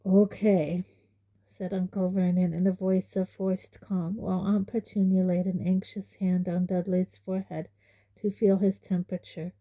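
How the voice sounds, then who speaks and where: A woman reading an audiobook in a measured, even narration. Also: fairly low pitch. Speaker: audiobook reader.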